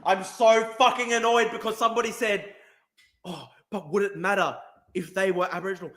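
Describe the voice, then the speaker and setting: A young man hosting a live stream, shouting and swearing through a furious rant. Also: high voice, moderate pace. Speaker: streamer host. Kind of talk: angry ranting live stream.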